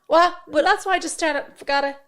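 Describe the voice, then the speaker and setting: An Irish woman in her thirties, co-hosting a podcast in casual chat and telling animated, sweary stories. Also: very high voice, fairly quick. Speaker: podcast co-host.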